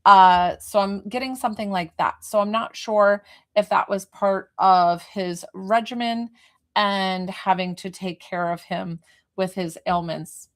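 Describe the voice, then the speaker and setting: Lady medium doing a live reading, talks in circles, lots of um and like, mid pitch. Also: measured pace. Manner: rambling, hesitant, full of fillers and restarts. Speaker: psychic medium. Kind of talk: live spirit reading to a viewer.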